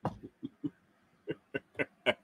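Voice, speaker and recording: A middle-aged man hosting a casual live stream, reading chat comments aloud and teasing viewers with chuckles and halting restarts. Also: pushed and bright, no room sound.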